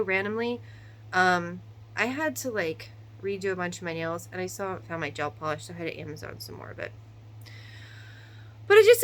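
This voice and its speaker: A woman in her thirties, a mother of three, venting in a casual, animated monologue to camera with quick asides and rhetorical questions. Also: medium pitch, low-quality recording.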